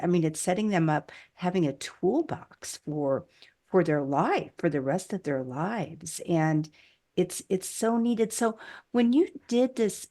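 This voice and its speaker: A woman's voice: lowish voice, dark tone. A woman hosting an interview, affirming her guest and asking thoughtful follow-up questions. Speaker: interview host. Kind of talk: conversational interview.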